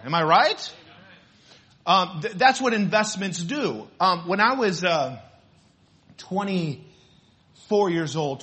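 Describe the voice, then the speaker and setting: A man's voice: high-pitched, fairly bright tone, breathy edge. A male pastor preaching a sermon in a conversational way, telling a personal story and putting questions to the congregation.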